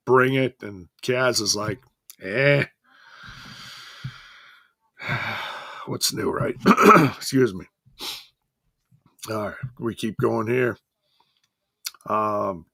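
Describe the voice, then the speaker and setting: A man's voice: medium pitch, sharp tone, no room sound, studio quality. A man hosting a casual solo wrestling review, rambling and correcting himself as he goes, chuckling now and then.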